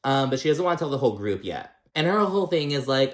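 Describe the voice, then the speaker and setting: A man's voice: medium pitch, expressive, fast. A young man hosting a casual reality TV recap, talking in a chatty, gossipy way and swearing freely. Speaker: recap host.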